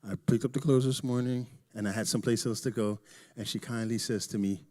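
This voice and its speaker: A middle-aged man speaks frankly to a church audience, joking one moment and dropping to a quiet aside the next. His voice sits at an ordinary middle pitch, and he pushes it loud for emphasis. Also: brisk. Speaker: church presenter. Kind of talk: candid talk to a church audience.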